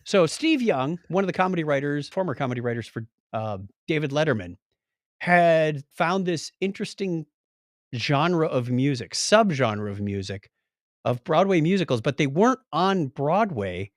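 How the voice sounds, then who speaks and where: Male podcast host, animated and playful, slightly high voice, dry studio. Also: dry recording. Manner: jokey, animated, rattles off lists quickly. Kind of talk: casual chat.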